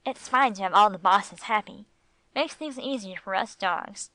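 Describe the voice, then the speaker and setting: A woman reading the part of a good-natured old male dog who speaks gravely and dryly. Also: mid-range voice, normal speed, bright, forceful tone, no room sound. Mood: dry, wry. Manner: grave, sober delivery.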